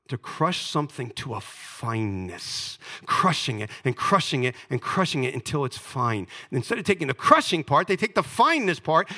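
A middle-aged male pastor preaching a sermon, telling scripture stories dramatically and swinging from loud, emphatic peaks down to hushed, low lines.

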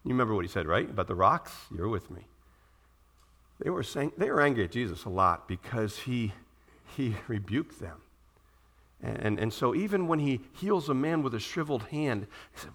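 A man preaching a sermon to a congregation in a church room, animated and posing questions to his listeners. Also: mid-range voice, moderate pace. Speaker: pastor.

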